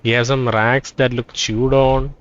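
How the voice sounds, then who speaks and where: A man playing a role-playing game, reading its text aloud and thinking out loud about what he finds. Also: medium pitch, level tone, unhurried, clear, resonant tone, dull audio. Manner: thinking aloud, reads dialogue in quoted turns. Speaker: let's play gamer.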